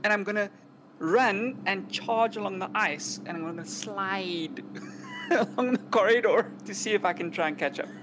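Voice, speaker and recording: A woman at a tabletop game describes her character's moves in first person. Her pitch sits in the middle, and faint noise hums in the background. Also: huge pitch swings, moderate pace. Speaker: player. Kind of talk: tabletop role-play.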